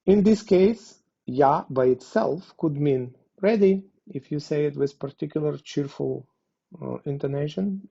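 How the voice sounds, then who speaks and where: A man gives a language lesson at a very unhurried pace, with a mellow, dark tone. He pauses often and fills gaps with little hesitations. The recording sounds dull and lo-fi. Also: medium pitch, creaky, slightly rough. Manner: deliberate, pausing with many fillers. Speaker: language teacher. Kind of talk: slow explanatory lesson.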